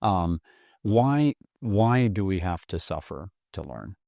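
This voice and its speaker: A man's voice: low voice, sing-song, takes it slowly, vocal fry, a little mellow, no echo. A man hosting a spiritual podcast, reflecting thoughtfully on ideas and affirming his guest often. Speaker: podcast host. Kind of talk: conversational podcast interview.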